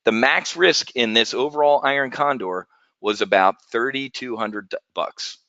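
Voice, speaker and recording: A man hosts a live trading webinar in a folksy, joking patter. His voice is bright and forceful. The sound is dry and a bit dull and lo-fi. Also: mid-range voice, measured pace, dry recording. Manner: folksy, animated, jokey salesman patter.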